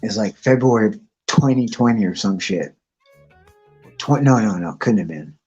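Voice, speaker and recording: A man's voice: on the low side, moderate pace, breathy edge, soft background music. Crude rambling man on a lo-fi stream. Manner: crude, rambling, animated storyteller. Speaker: live stream host. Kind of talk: casual profane rambling chat. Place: home, outdoors nearby.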